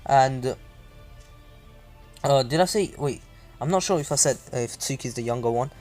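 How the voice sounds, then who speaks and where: A man's voice: mid-range voice, moderate pace, darkish tone. Brief: man narrating fan fiction off the cuff, mid-range voice, faint music behind. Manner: rambling, many "uh"s and asides. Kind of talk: casual story retelling.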